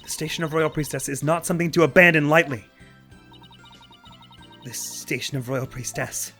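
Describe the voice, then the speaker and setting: A man's voice: on the high side, steady tone, quick pace, bright, forceful tone, soft background music. A man voicing a haughty young priestess princess. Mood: stiff. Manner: formal, imperious speech. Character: haughty young royal priestess, proud and prickly. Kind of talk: let's play voice acting.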